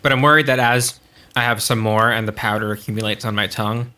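Young man, podcast co-host, dry jokes, casual chat, bright forward voice. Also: lowish voice, steady tone, quick pace.

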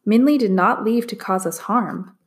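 Storybook father, patient and soft-spoken, calm even tone, read by a woman. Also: medium pitch, moderate pace, close to an everyday voice. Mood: gentle. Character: quiet, gentle, patient father.

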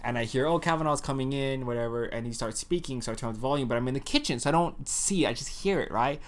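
A man hosting a casual chat, animated and profane, who laughs often and acts out what others said. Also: mid-range voice, fast talker.

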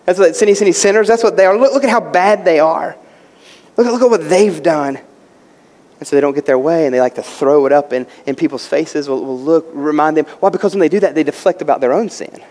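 A man's voice: fairly high pitch, fairly quick, a little mellow. A man preaching a sermon as pastor, impassioned, repeating words and asking rhetorical questions. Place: church sanctuary. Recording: long reverb of a large hall.

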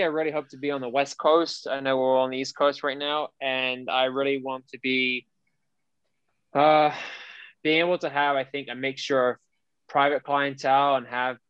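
A man chatting on a trainers' podcast in a mid-pitched voice, rambling with frequent restarts and fillers. The sound is dull and a bit lo-fi, with a very dry, close feel. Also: a bit bright, clear, resonant tone, dry recording. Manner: rambling, restarts often, conversational. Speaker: personal trainer, podcast co-host. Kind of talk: casual podcast chat.

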